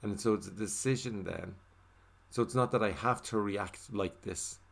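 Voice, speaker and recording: In a gravelly, very deep voice at a normal pace, a man narrates a signed video's English voiceover, reflecting casually in the first person. His speech is full of fillers like "you know" and "like," and he lowers to a soft murmur while repeating the meditation phrases.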